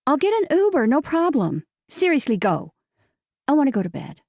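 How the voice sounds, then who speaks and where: A woman narrating an audiobook, voicing a guarded, wry young woman who answers in brisk, slightly dry replies. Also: high voice, big pitch swings, a little mellow, no echo, voice pushed up.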